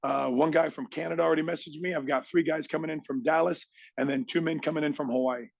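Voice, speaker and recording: A middle-aged man speaks as a podcast guest with a raspy, gravelly, slightly high voice. He tells his story with motivational drive and acts out the people in it. The recording is dull and lo-fi, in a dry room. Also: quick pace, dry recording. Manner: animated, acts out others' lines in quotes.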